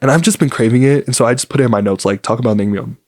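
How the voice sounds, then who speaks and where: Young man hosting a casual solo podcast. Mid-pitched, rambling and upbeat, heavy on fillers. Dry recording. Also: very fast, darkish tone, no echo. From United States. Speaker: podcast host.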